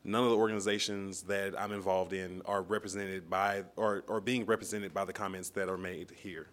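A man from Dallas, a seminary student on a podcast, speaking in a low voice. He chooses his words carefully and keeps a measured pace, with the odd "um". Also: flat delivery, fairly bright tone. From Dallas, Texas. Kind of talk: casual podcast talk.

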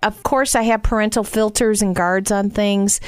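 A woman's voice: mid-range voice, fairly even intonation, normal speed, smooth, dry recording. A middle-aged woman from the Midwest with a mild Southern accent, chatting casually as a guest and telling stories with little asides. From Northwest Indiana. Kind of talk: casual conversation.

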